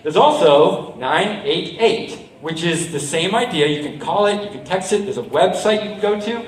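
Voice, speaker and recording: A man giving a lively motivational talk to a school assembly as a speaker and juggler, often checking in with "right?" and "okay?". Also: high-pitched, moderate pace, a little hiss or hum. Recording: roomy hall, mic from a distance.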